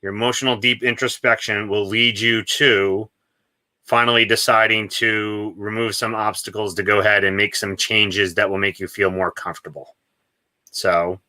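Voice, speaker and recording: A man's voice: fairly low pitch, steady tone, moderate pace, pushed and bright, no room sound. A man co-hosting an astrology podcast, explaining ideas casually with self-deprecating asides. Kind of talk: casual chat.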